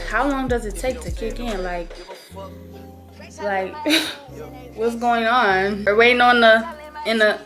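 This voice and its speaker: Young woman in her twenties, high and lively delivery, casual slangy storytime vlogger, music bed underneath. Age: early 20s. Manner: animated, slangy and profane.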